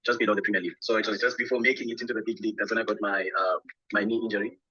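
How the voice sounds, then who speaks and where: A man's voice: on the low side, steady tone, rapid-fire, bright, forceful tone, breathy edge, no room sound, muffled recording. A man, a former soccer player, answering interview questions earnestly.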